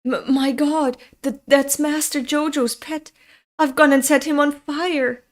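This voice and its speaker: A woman's voice: a little high, slow pace, darkish tone. Panicked servant, stammering and alarmed, put on by a woman reading aloud.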